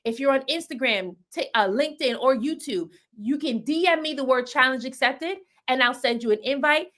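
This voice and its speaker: A woman's voice: high-pitched, moderate pace, fairly bright tone. A woman hosting a live stream as a business coach, speaking emphatically in a preacher-like way and repeating phrases for punch. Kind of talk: motivational live-stream talk.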